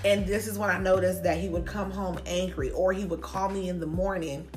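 A woman in a candid casual chat, blunt and emphatic, quick with agreeing interjections. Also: lowish voice, fairly even intonation, faint music behind.

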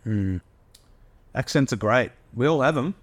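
A man's voice: mid-range voice, animated, measured pace. An Australian man co-hosting a casual podcast, musing with playfully absurd questions. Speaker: podcast co-host. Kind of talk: casual banter.

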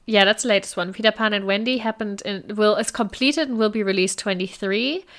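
A woman's voice: mid-range voice, fairly quick, fairly bright tone. A woman co-hosting a podcast in casual chat, with a blocked nose, laughing often and trailing off mid-sentence. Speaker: podcast co-host.

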